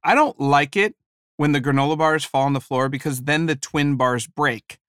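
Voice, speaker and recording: A man delivering a sermon with animated, humorous storytelling. His voice sits a little high for a man. The recording is dry and close, with no room echo. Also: moderate pace, smooth. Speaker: preacher and former high school teacher.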